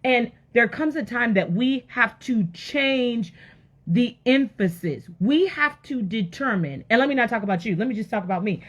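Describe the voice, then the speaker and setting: A woman's voice: on the high side, animated, normal speed, muffled recording. A woman giving an emphatic, conversational faith talk to women, repeating words for emphasis and speaking straight to her listeners. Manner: emphatic, repetitive, addresses audience directly.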